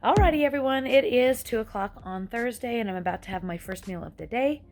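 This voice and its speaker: A woman's voice: a little high, expressive, brisk, music in the background. A woman in her forties chatting casually through a food diary vlog, often sounding a little out of breath. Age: 40s. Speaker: vlogger. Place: various rooms and a dance studio.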